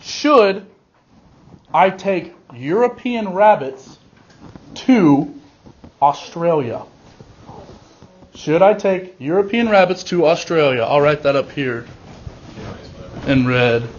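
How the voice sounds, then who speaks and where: High-voiced man teaching a class. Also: expressive, slow pace, pauses often, dull audio. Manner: directive, stretches key words for emphasis. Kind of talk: classroom instruction.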